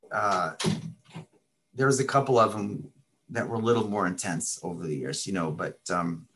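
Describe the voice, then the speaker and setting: The speaker is a man with a fairly low-pitched, somewhat bright voice, a middle-aged owner of a martial arts school. Chatting easily on a podcast, he tells stories in a casual interview.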